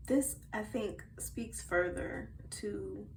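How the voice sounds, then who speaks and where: A woman giving a casual tarot card reading to her viewers in a chatty way, swinging from soft murmurs to loud bursts. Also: mid-range voice, slow, vocal fry, whispered, low-quality recording. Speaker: tarot reader.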